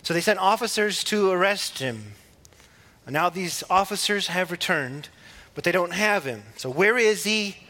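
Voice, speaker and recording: A preacher teaching from the Bible in a relaxed, conversational way, with small laughs and restarts. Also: male voice, sits high, moderate pace.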